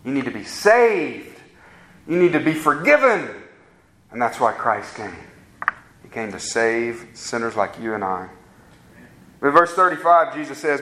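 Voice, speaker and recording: A man preaching a sermon as a pastor, with rising emphatic peaks and slow, drawn-out stresses on key words. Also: a little high, very animated, fairly bright tone, roomy sound, poor audio.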